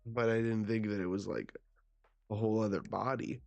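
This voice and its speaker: Casual male reaction host, low-pitched, slow, dry close sound, stammers when excited. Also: vocal fry, dry recording, soft background music. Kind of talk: live reading and reaction.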